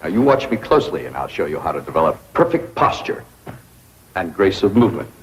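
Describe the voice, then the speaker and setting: A man's voice: sits low, very animated, a little fast, low-quality recording. An actor playing a pompous, theatrical young society man in an old sitcom. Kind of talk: 1960s sitcom acting. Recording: hissy old TV soundtrack.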